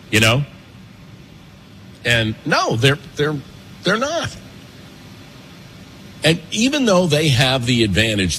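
A man hosting an opinionated political talk show from a pastry shop cafe, talking fast and emphatically and repeating his points. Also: medium pitch, a little hiss or hum. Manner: animated, emphatic, fast, with repetitions.

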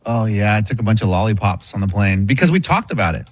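A man co-hosting a radio show, chatting casually with animated, laughing asides. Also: lowish voice, quick pace, no room sound. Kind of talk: casual on-air chat.

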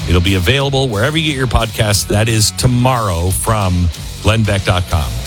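A man hosting a talk show, reading promos and an ad in a chatty, halting way with many fillers. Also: fairly low pitch, music in the background. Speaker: radio host reading ads. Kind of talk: host-read promo and ad.

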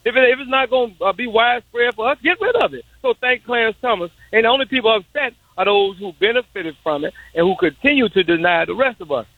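A stubborn, insistent man calling into a talk show over a tinny phone line. He talks fast with a high, lively, animated voice, and his sound is dry and thin. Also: no echo. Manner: insistent, stubborn, repeats himself. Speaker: caller. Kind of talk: call-in talk radio.

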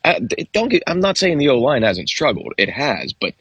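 A man co-hosting a sports radio show, talking football in a halting way with many restarts. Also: mid-range voice, big pitch swings, a bit bright, husky, dry recording, muffled recording. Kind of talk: casual sports talk.

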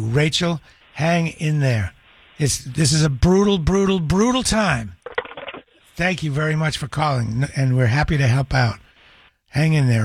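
A man hosting a radio call-in show, his voice slightly husky and a bit higher than most men's. He is gentle and sympathetic with callers. The sound is dry and close, straight from a studio mic. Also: dry recording.

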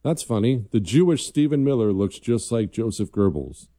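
A man's voice: on the low side, expressive, normal speed, dark tone, no echo, studio quality. A man hosting a political commentary show, talking in a combative, emphatic way and reading viewer emails. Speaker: host.

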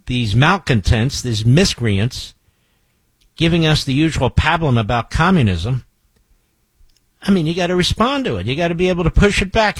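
A man's voice: mid-range voice, slightly rough, no room sound. A man hosting a talk radio show, speaking emphatically with rhetorical questions and indignation.

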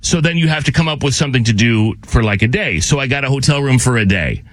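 A man telling a story in casual chat, animated and laughing, acting out the voices of the people in it. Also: mid-range voice, fast, no room sound.

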